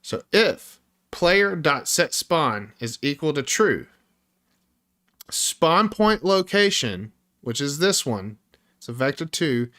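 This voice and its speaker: Male indie dev streamer, sharp bright tone, profane and fed up, walks viewers through code. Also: fairly high pitch, lively intonation, measured pace. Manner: frustrated, swears constantly, talks to viewers. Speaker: indie game developer streaming. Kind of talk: live coding stream, thinking aloud.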